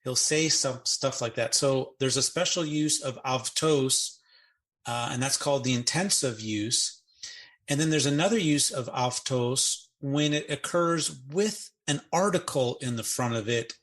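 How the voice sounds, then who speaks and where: A man co-hosting a grammar podcast in an easygoing, explanatory way. He walks through word forms slowly and adds playful jokes. His voice sits at a middle pitch. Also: fairly bright tone. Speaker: Greek grammar podcast co-host. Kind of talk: casual teaching chat. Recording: podcast audio.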